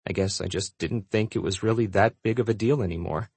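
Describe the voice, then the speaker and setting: A man narrating a first-person audiobook in a steady, relaxed storytelling manner. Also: fairly low pitch, a little fast, hardly any pauses, husky, no echo.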